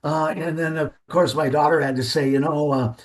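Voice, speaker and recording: Folksy older man, higher pitched. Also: fairly even intonation, normal speed. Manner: folksy, rambling, with restarts. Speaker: driver safety expert guest. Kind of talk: storytelling anecdote.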